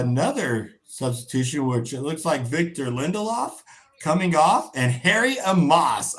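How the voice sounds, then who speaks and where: A tired man hosting a casual football watch-along livestream, calling the play, swearing freely and chanting. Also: on the high side. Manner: swears freely, bursts into shouting on goals. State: tired, yawning. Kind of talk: casual live match commentary.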